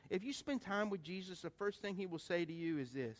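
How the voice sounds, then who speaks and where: A middle-aged male pastor preaching a sermon in an animated way, calling for responses from the congregation. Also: high-pitched, a little fast, few pauses. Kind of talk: sermon with anecdote.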